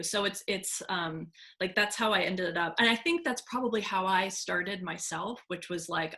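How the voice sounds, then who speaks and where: A woman who works as a speech language pathologist, talking casually and acting out quoted voices with bright pitch jumps. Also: moderate pace, hardly any pauses. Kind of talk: casual conversation.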